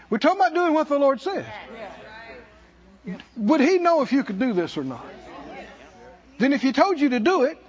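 A man preaching a sermon as pastor, calling for responses from the congregation and rising to shouts. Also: very high-pitched. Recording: dull lo-fi sermon recording.

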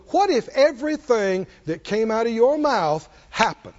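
A man's voice: very high voice, big pitch swings, unhurried. A man preaching a sermon to a congregation, emphatic and full of rhetorical questions. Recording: dull lo-fi sermon recording.

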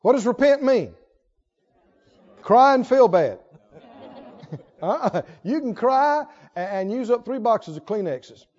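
A man's voice: extremely high pitch, big pitch swings, measured pace, darkish tone, big-room sound. A man preaching a sermon, emphatic and laughing often as he asks the congregation questions. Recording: dull lo-fi recording.

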